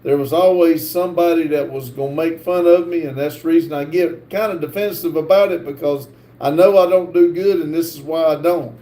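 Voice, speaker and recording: A man hosting a livestream, reading viewer comments aloud in a halting, stumbling way with lots of fillers. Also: a little high, warm tone, echoey room. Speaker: livestream host reading chat. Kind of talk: casual live chat, reading comments aloud.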